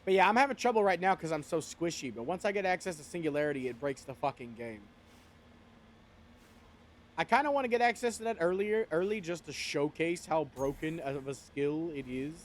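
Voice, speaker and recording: There's a little hiss or hum behind this man's fairly high, animated voice, and he talks briskly. He's a game streamer chatting with viewers in a relaxed, wry way, cursing freely as he plays.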